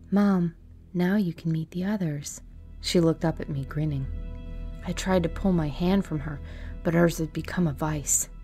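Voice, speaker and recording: A woman's voice: sits low, warm tone. A woman narrating a tense horror story in the first person. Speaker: story reader. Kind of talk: scripted narration.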